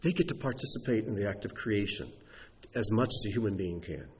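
A man preaching a sermon, explaining Hebrew words with an animated teaching manner. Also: fairly low pitch, a little fast, slight background noise.

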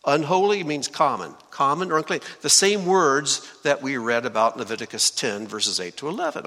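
A man preaching in a large hall with a long ringing reverb, his voice bright and forceful. His pitch swings widely as he teaches scripture and puts questions to the congregation. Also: moderate pace, hardly any pauses. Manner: lively, asks the congregation questions.

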